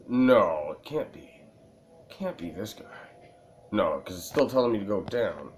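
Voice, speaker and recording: With a fairly low, very animated voice, this gaming video creator talks at a measured pace and pauses often. In his let's-play commentary he's a bit tipsy, rambling casually, poking fun at himself, and laughing at his own jokes.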